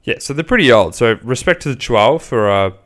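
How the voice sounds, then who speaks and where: A man's voice: medium pitch, lively intonation, fast, fairly bright tone. A man, chatting casually and bluntly on his own podcast, rambling and swearing freely. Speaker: podcast host. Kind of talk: casual solo podcast chat.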